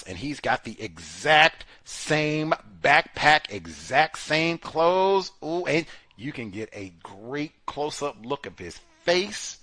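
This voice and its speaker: Animated man with bright voice. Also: a little high, slow, no room sound. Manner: animated, acts out quoted speech with exclamations. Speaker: podcast host. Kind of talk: casual commentary on a trial.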